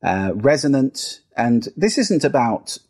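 His delivery is slow and sing-song, with a darkish tone. He's a middle-aged British guest on a podcast interview, a sound and listening expert who explains voice and listening with demonstrations, playing with pitch and register.

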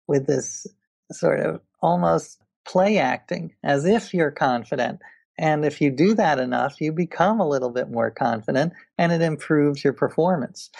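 A man with a heavily gravelly, creaky voice, chatting as a guest in an interview. He tells stories eagerly, often restarting his sentences. The sound is dry and close, with no room around it. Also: fairly high pitch, no echo. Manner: enthusiastic storyteller with frequent restarts. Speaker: author and guest. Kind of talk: casual interview conversation.

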